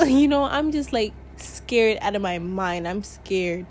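A woman's voice: on the high side, lively intonation, normal speed, a little hiss or hum. A young woman, hosting her podcast in a rambling, chatty monologue, swearing and laughing often. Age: young adult. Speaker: podcast host. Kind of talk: casual monologue.

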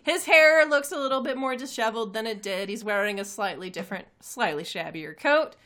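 Bright-voiced woman running a tabletop game. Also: a little high, a little fast. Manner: hesitant, many fillers. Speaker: game master.

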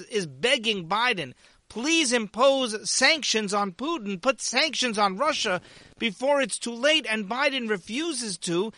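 A man's voice: very high voice, sharp tone, dry recording, clean studio sound. A man hosting a political commentary show, delivering an opinion monologue in an indignant, sarcastic manner with mocking asides.

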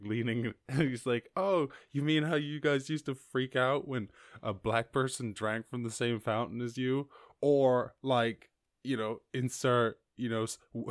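A young Irish man chats alone on his podcast, wandering from thought to thought, cursing and laughing as he goes. His voice sits fairly low, and the sound is dry and close, with no room around it. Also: dry recording. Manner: rambling, swears freely, laughs often. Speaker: podcast host. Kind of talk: casual solo podcast chat.

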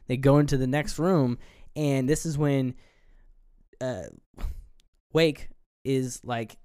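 Animated man retelling a film. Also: mid-range voice, slow, clean tone, dry recording, clean studio sound. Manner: animated retelling, acts out film lines, swears casually. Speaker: podcast co-host. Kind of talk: casual film review chat.

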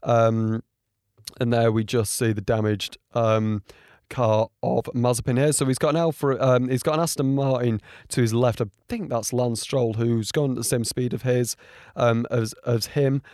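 A man giving casual reaction commentary on race highlights, rambling with frequent ums and getting indignant. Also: fairly even intonation, normal speed, a little mellow, no echo, studio quality. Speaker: motorsport commentator.

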